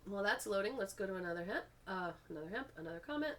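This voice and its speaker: A woman's voice: mid-range voice, animated, racing. A woman hosting a video, reading public comments aloud and breaking off with frustrated asides of her own.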